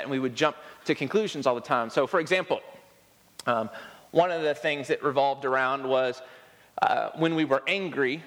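A man's voice: mid-range voice, fairly bright tone, in a large hall. A man preaching a sermon in a conversational style, with light self-deprecating humor and quoted examples he acts out. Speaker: pastor. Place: church sanctuary.

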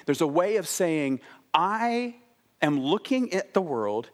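A man in his thirties preaching a sermon, telling stories with playful inflection and dropping to a quiet, stressed delivery on key words. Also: fairly high pitch, moderate pace. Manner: animated storytelling with playful inflection. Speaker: pastor.

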